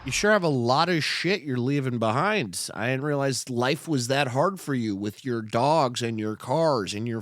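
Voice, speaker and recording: A man's voice: mid-range voice, fairly bright tone, dry recording, studio quality. A young man hosting a comedy podcast, reacting to news clips with sarcastic, profane, rambling commentary.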